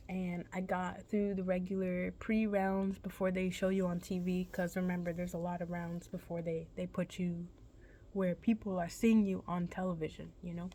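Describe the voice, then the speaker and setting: A woman's voice: lowish voice, level tone, normal speed, warm tone. A young woman vlogger casually telling a personal story, rambling and correcting herself in a laid-back, chatty way.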